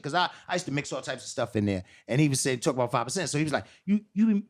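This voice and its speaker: A middle-aged man spinning a rambling story, his pitch swinging widely as he acts out each voice. He talks in a loose, laughing way, pushing his voice up high for the quotes and dropping it low for the asides. It is a relaxed conversation among friends. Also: quick pace, dry recording, clean studio sound. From New York. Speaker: guest storyteller. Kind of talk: casual storytelling chat.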